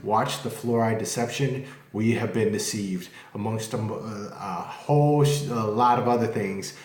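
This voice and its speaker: A man's voice: on the low side, unhurried, a little mellow. A man vlogging casually at home, talking candidly and rambling, with occasional cursing. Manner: rambling, candid, curses freely. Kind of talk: casual vlog talk to camera. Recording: echoey room.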